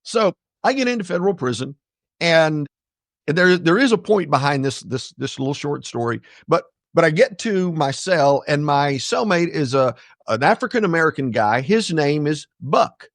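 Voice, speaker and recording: A man's voice: on the high side, expressive, normal speed, no echo, studio quality. An older man, a podcast guest, telling a personal story with jokey, blunt asides to the listeners. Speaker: guest, ethics speaker.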